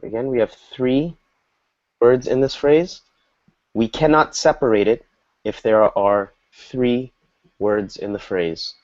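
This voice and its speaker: A man teaching an English lesson to a small group, explaining slowly and patiently and acting out example dialogues. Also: medium pitch, darkish tone. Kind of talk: online group language lesson. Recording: dull lo-fi audio.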